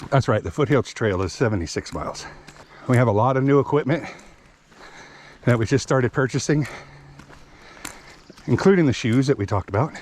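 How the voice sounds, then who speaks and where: A man's voice: mid-range voice, expressive, normal speed, pauses often, a little mellow. A man, narrating a hiking vlog outdoors on a wooded trail, a bit out of breath as he chats about the trail and his gear. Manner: chatty, explains gear plainly. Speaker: hiking vlogger.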